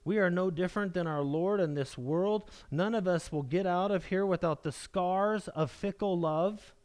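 A man's voice: high voice, normal speed, darkish tone. A man preaching a sermon, reading scripture aloud with earnest, pleading emphasis. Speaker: pastor.

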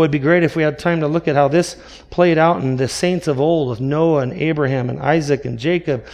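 A man's voice: on the high side, a little mellow. A man preaching a sermon as pastor, earnest and full of rhetorical questions.

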